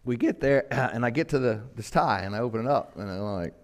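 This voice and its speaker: Older pastor; folksy storytelling sermon, mid-pitched voice, acts out quotes, slows for solemn lines. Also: male voice, animated.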